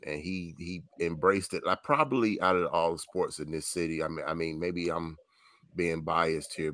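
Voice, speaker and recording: A man's voice: low-pitched, a bit bright, no echo. A man co-hosting casual sports talk, earnest and emphatic. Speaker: co-host.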